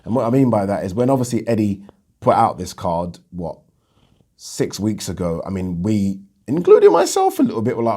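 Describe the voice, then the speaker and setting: A man hosting a boxing vlog, talking in a chatty, animated way and repeating himself for emphasis. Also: mid-range voice, moderate pace, breathy edge. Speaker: boxing channel host. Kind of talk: casual vlog talk.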